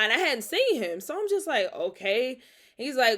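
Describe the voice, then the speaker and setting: A woman hosting a casual storytime, talking straight to her audience, animated and laughing often as she tells it. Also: a little high, moderate pace. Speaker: host.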